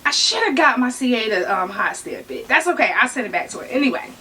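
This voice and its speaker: A giddy woman chatting through an unboxing for her viewers, her voice swinging wildly up and down. She talks herself down from excitement and drops to whispers now and then, all bright and sharp in tone. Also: on the high side, quick pace, breathy edge. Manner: chatty slang-filled banter with viewers. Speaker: fashion vlogger.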